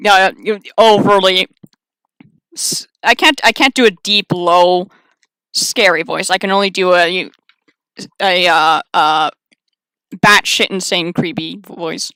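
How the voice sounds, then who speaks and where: A woman's voice: fairly low pitch, fairly even intonation, unhurried, pushed and bright, clear, resonant tone, no echo. A woman streamer reading a dating visual novel aloud, chatty and wry with sarcastic asides.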